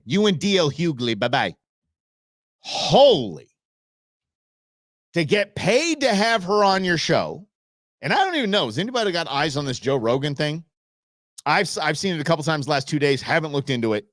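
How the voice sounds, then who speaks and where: A man hosts a live political show from a small studio, sarcastic and loose, dropping into mocking impressions. His pitch leaps up and down as he goes. The sound is close and dry, with no room around it. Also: big pitch swings, moderate pace, fairly bright tone, dry recording. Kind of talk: casual live-stream political commentary. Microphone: studio microphone.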